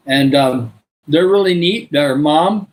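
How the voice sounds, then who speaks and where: Older Michigan man, livestream host, meandering casual chat, filler-heavy, voice sits a bit high. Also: slow, poor audio. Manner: rambling, many filler uhs. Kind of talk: casual live chat with viewers.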